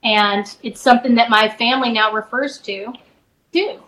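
A middle-aged woman, a spiritual advisor guest, softly and reflectively telling a personal story in a podcast interview, with many fillers and restarts. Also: a little high, steady tone, normal speed, poor audio.

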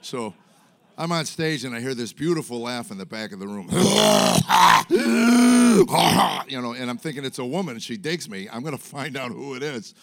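A middle-aged man does stand-up in front of a live audience, telling rambling stories at his own expense, full of fillers. His medium-pitched voice is animated, brisk, and a bit bright.

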